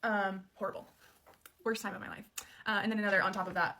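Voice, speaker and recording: A woman in her late twenties tells a personal story quickly and candidly, with plenty of "um" and "like" fillers. Her voice sits at an ordinary middle pitch. A faint hiss runs under the recording. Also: level tone, bright, forceful tone. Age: late 20s. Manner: candid, conversational, many "um" and "like" fillers. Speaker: storyteller sharing her childhood.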